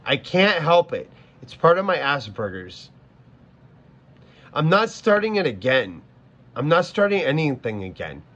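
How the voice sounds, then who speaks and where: A man on a livestream talks straight to his chat, his voice sitting a little higher than most. He stumbles and restarts, circling back to the same phrases in a flustered, casual way. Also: big pitch swings, unhurried, a bit bright, lo-fi sound. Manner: flustered, stammering, repeats himself. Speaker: streamer.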